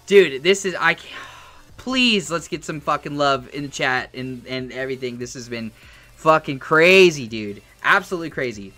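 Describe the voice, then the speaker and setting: A young man streaming a game, yelling and cursing with joy, his voice hoarse from shouting. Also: fairly high pitch, expressive, moderate pace. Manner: ecstatic shouting, cursing, repeated yells of yes. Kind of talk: live-stream game reaction.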